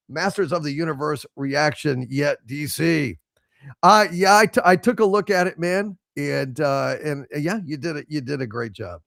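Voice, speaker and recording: A man's voice: a little high, vocal fry, fairly bright tone, no echo, clean studio sound. A man hosting a casual live stream, reading out viewer messages with mock-grand salutes in a loose, rambling way. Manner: loose and rambling, many fillers. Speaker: show host reading viewer super chats.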